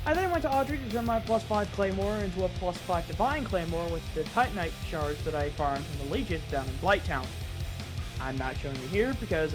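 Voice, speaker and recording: A woman narrating her own gameplay footage in casual commentary, exasperated, self-mocking and swearing freely. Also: mid-range voice. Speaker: gaming YouTuber.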